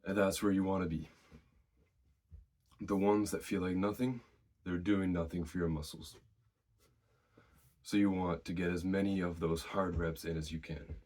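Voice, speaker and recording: Very low-voiced man giving gym advice. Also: normal speed, long pauses. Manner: relaxed, conversational, shares personal experience. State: slightly out of breath. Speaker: fitness vlogger. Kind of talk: casual advice to camera.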